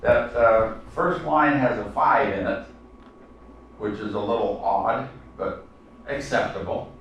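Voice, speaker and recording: Slow-talking man lecturing in an echoey room. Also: on the low side, fairly bright tone, slight background noise. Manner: halting, with many fillers and restarts. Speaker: seminar teacher. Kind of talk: classroom lecture. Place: seminar room. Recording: echoey room, mic far off.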